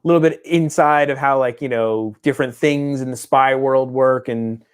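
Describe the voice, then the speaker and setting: A man co-hosting a casual chat show, mid-pitched and conversational. He tells a long, winding story full of restarts and briefly acts out the people in it. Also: steady tone, moderate pace, smooth. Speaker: podcast co-host.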